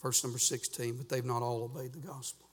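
A man preaching a sermon as pastor in a church, folksy and fervent, peppering his talk with "uh" and rising to shouts. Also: medium pitch, little pitch movement, a little fast, slightly rough, long reverb tail. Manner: folksy preaching with frequent "uh" fillers. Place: church sanctuary.

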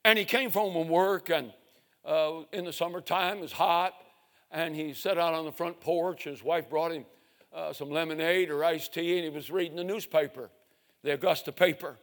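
A man preaching a sermon, telling a story in a slow, dramatic way. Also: a little high, fairly even intonation, a bit bright. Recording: reverberant hall.

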